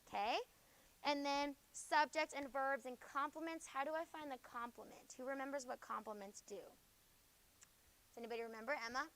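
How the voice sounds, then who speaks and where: High-voiced woman teaching grammar. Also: a bit bright, poor audio. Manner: asks the class quick questions and tags "okay?". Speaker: junior high English teacher. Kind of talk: classroom grammar review. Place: classroom.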